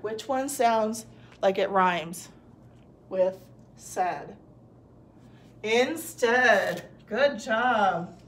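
A woman's voice: medium pitch, drawn-out words, long pauses. A woman teacher giving a recorded phonics lesson to young children, patiently sounding out words and praising answers.

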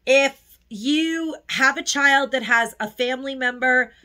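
This haul vlogger has a high, bright, forceful voice and takes her time speaking. She chats casually and gushes, turning tearful at moments.

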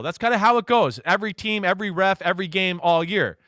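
Bright, high-voiced man telling a story. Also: fast talker, few pauses, no echo, studio quality. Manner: animated storyteller, acts out quotes. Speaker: football analyst guest. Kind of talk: casual interview chat.

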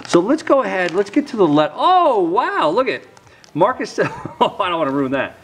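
Excitable middle-aged man. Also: sits high, brisk, breathy edge. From New York. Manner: excitable, exclaims over each card. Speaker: YouTube host. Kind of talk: casual unboxing vlog.

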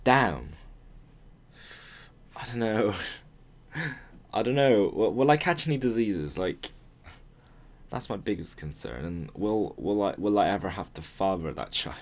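Lively, jokey young man. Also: lowish voice, measured pace, long pauses. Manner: jokey, rambling, swears, laughs often. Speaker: YouTuber. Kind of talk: casual Q and A vlog. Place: room at his mother's home.

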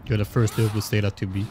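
A man's voice: fairly low pitch, noisy background. A man streaming a video game, chatting casually with viewers, swearing and yelping at the action. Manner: excitable, swearing, yelps at the action. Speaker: gaming streamer. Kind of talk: casual live-stream commentary while playing.

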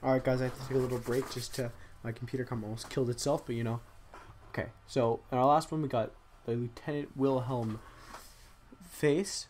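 A young man casually commentating as he opens game loot boxes at his computer, excitable, talking to himself, groaning and cheering. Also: mid-range voice, fairly quick. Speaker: gaming channel host. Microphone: desk USB microphone.

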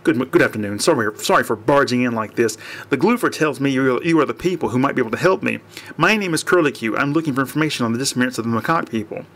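A man's voice: mid-range voice, expressive, racing, fairly bright tone. A man voicing a courteous, tired talking squirrel who repeats words as he hesitates, close to his own voice. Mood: polite weary.

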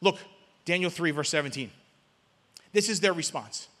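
A male pastor preaching a sermon in a church, urging the crowd to answer back and swinging between loud calls and hushed words. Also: a little high, expressive, moderate pace. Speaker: guest pastor. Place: church sanctuary. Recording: long reverb of a church hall.

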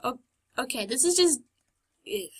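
A woman's voice: high-pitched, expressive, measured pace, a little mellow, slightly rough. A woman commenting on her own playthrough of a game, chatty and sarcastic, talking back to the characters on screen. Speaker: gamer. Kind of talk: let's play commentary.

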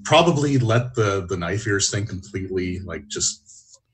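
Brief: male player, low-ish voice, casual. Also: expressive, a little slow, a little hiss or hum. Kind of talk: casual game talk.

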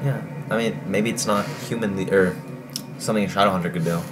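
A young man hosting a reaction video, talking casually, excitably and with frequent swearing. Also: low voice, fast, background noise.

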